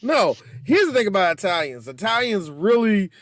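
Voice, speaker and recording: A man's voice: high voice, big pitch swings, normal speed, a bit bright, no room sound, studio quality. A man co-hosting a movie podcast, chatting loosely, laughing often and acting out scenes. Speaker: podcast co-host. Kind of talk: casual movie podcast chat.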